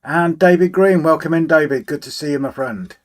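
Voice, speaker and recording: A man hosting a relaxed live stream, chatting, greeting viewers by name and humming to himself as he works on a model railway. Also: a little high, a little fast. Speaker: livestream host. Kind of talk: casual live chat, reading out viewer comments.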